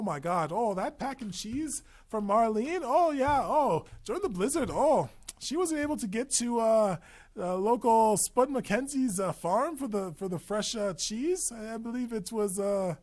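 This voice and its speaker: A man's voice: high-pitched, animated, a little slow, darkish tone, voice pushed up. A man voicing a gossipy local with a Wisconsin accent, folksy and chatty. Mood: gushing. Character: gossipy Wisconsin local praising a neighbor's cooking.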